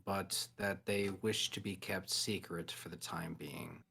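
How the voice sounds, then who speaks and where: A formal robot leader in a tabletop role-play game speaks in a very low, deep register, played by a man. He talks in a measured, diplomatic way, weighing each word. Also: steady tone, gravelly, bright, forceful tone, slightly rough, exaggerated voice. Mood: solemn.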